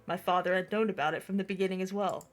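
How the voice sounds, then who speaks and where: A woman's voice: medium pitch, steady tone, fast talker, faint music behind. A woman streaming a game, casually chatting and reading its text aloud, laughing easily and swearing when annoyed.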